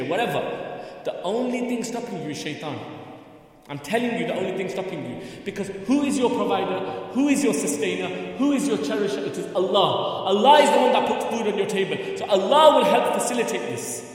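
A man's voice: high voice, animated, brisk. A man making an impassioned fundraising appeal to a crowd in a large hall, pleading and pressing them with repeated questions. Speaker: charity fundraiser. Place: large hall at a religious gathering. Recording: echoey hall, distant mic.

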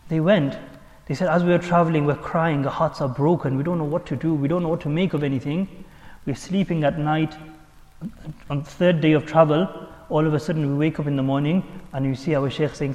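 A man's voice: high voice, a little fast, a little mellow. Emotive male preacher in a reverberant hall. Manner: emotive storytelling, voicing the story's people. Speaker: Islamic preacher. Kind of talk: sermon storytelling.

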